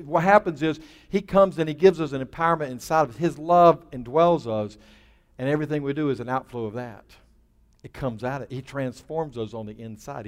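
A male pastor preaching a sermon, building to emphatic bursts and then dropping low and quiet. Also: long reverb tail. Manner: emphatic, with rising bursts and dropping to a near hush.

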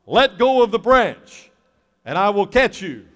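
A man voicing God speaking from heaven, slow, grand and reassuring, in a hall with a long reverb. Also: high-pitched, very animated, fairly bright tone, pitched above the performer's own voice, exaggerated voice. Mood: majestic. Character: calm booming voice of God from heaven.

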